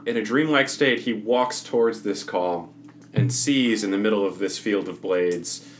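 Low-voiced man running a tabletop game. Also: unhurried. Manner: casual, laughing, self-correcting. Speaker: game master. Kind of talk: narrating a tabletop game podcast.

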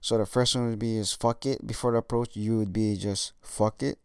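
A young man talks casually, swearing freely and filling pauses with ums and likes. His voice sits low and sounds smooth and clear. The recording is dry and close, with no room sound. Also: steady tone, no room sound. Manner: casual, swears often, frequent fillers. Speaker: dating coach vlogger. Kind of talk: casual monologue.

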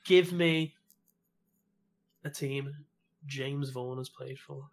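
A man's voice: medium pitch, steady tone, slow, gravelly. A man hosting a casual football quiz, calling on players and confirming their answers. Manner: calls names, confirms answers, lists teams. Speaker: quiz host.

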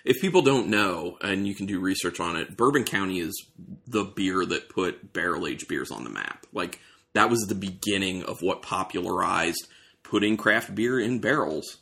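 A man's voice: low-pitched, lively intonation, normal speed, creaky, bright, forceful tone. A man hosting a casual beer tasting, describing aroma and flavor as he thinks aloud. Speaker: beer reviewer host.

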